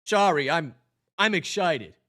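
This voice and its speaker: A man voicing an eager young male bee graduate, upbeat and excitable. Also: fairly high pitch, a little slow. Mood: excited.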